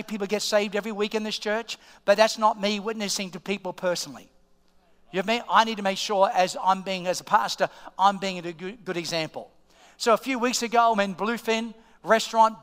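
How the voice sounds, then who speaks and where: A middle-aged Australian man preaching a sermon as pastor, an animated storyteller who swings from hushed asides to loud excited peaks. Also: high voice, clean tone. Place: church auditorium. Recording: long reverb of a large church hall.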